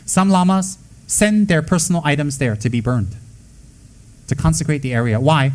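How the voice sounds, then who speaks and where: A man's voice: fairly high pitch, normal speed. Blunt, joking man giving a Buddhist talk. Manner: emphatic, blunt and joking, with rhetorical questions. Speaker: Buddhist lama teaching. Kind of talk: informal dharma talk.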